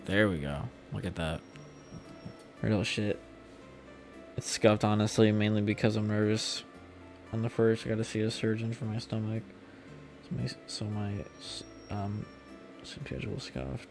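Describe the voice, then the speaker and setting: Gravelly young man chatting on a game stream. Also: on the low side, fairly even intonation, moderate pace, long pauses, faint music behind. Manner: loose, rambling, swears casually, chats to viewers. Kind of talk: casual gameplay livestream chat.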